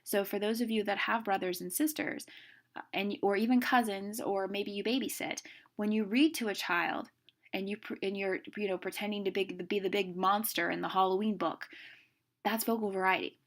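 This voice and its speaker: A middle-aged woman teaching a class on speaking, brisk and emphatic, demonstrating stress and pauses as she goes. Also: mid-range voice, fairly even intonation. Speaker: speech instructor. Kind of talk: classroom lecture.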